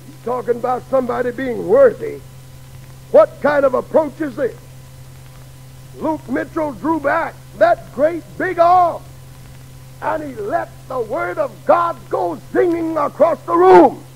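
A middle-aged man preaching a sermon in a dramatic way that builds to shouts, on an old radio broadcast. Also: very high voice, animated, unhurried, vocal fry, low-quality recording.

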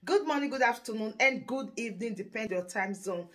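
A woman's voice: on the high side, fast talker, fairly bright tone. A woman hosting a reaction channel, giving an effusive, grateful greeting to her viewers.

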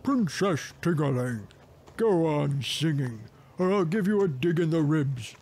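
A man's voice: a little high, lively intonation, unhurried, darkish tone, a little hiss or hum, voice pushed up. A man voicing a huge, angry, bat-winged male giant who bellows threats in a storybook tale. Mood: drowsy, threatening. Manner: bellowing threats, half asleep.

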